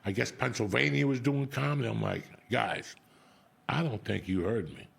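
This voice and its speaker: A man's voice: mid-range voice, normal speed, creaky, fairly bright tone, breathy edge. A middle-aged man, a comedian host telling a blunt, profane story in casual chat.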